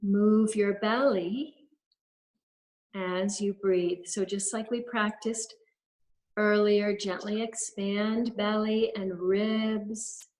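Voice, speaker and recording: Guiding participants through a breathing exercise on a webinar call, this woman, a holistic health practitioner, gives soft step-by-step directions. Her pitch is medium and her intonation fairly even, she speaks very slowly, and the audio is poor.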